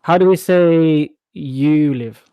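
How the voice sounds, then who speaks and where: A man's voice: a little high, slow pace, clean tone, dry recording, dull audio. A man teaching a casual live language class, chatty and often checking that students follow. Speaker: Arabic teacher.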